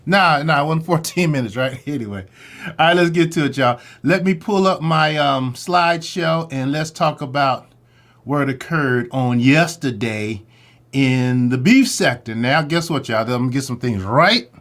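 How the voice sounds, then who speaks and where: A man's voice: mid-range voice, normal speed, fairly bright tone. A man hosting a morning livestream in a casual, chatty way, greeting viewers by name and repeating his catchphrases. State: a little out of breath. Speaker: host of a morning drama-recap livestream.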